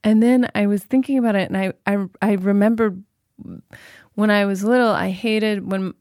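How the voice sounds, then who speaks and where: A woman's voice: mid-range voice, steady tone, moderate pace, a little mellow, dry recording, clean studio sound. Reflective woman in her thirties. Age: 30s. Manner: reflective, restarts sentences often. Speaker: guest. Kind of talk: casual interview chat.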